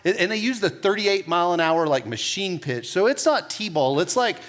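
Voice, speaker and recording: A pastor in his thirties giving a sermon, telling self-mocking stories in a casual, animated way with laughs. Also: sits high, normal speed.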